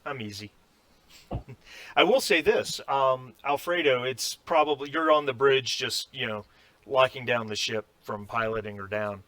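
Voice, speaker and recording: A man as game master of a tabletop role-playing game, talking in a halting way with many fillers. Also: mid-range voice, fairly bright tone, dry recording.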